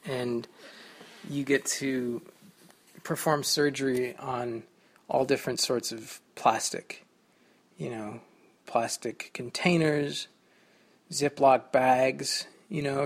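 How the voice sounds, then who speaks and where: Speaking from his kitchen at home, a man runs a laid-back solo podcast, wandering between topics and cracking self-deprecating jokes. His voice is medium-pitched with a creaky texture.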